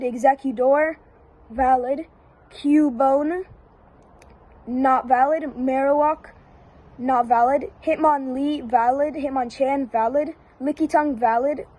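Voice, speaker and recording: A woman giving casual one-word verdicts down a long list, flat and repetitive with brief hesitations. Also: high-pitched, poor audio. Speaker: YouTuber.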